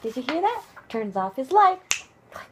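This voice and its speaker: Animated woman reading a bedtime story. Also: high-pitched, moderate pace, background noise. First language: Japanese. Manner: animated, expressive, hushed at times. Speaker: parent reading a picture book aloud. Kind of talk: bedtime story read-aloud.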